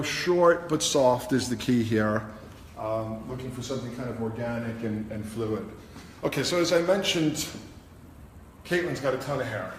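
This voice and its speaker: A man's voice: mid-range voice, slight background noise. A man, a hairstylist and host, chatting as he teaches a live haircut demonstration and explains each step. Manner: chatty, explains steps as he cuts. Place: hair salon studio. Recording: echoey salon with long reverb, faint ambience.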